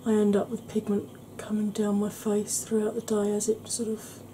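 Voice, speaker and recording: A woman explaining her makeup steps in a soft, chatty ASMR tutorial, often clearing her throat. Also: mid-range voice, monotone, moderate pace, a little hiss or hum, poor audio. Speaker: beauty vlogger.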